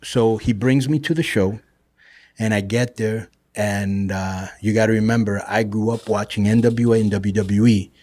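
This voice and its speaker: Husky low-voiced man telling stories. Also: steady tone, normal speed, mellow. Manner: profane, says "bro" and "you know" often. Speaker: guest. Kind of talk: casual storytelling.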